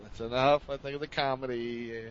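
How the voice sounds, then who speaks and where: A man's voice: mid-range voice, fairly even intonation, normal speed. A man chatting casually with a friend, telling a rambling funny story and acting out the sounds he heard. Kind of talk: casual comedic chat. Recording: dull lo-fi sound.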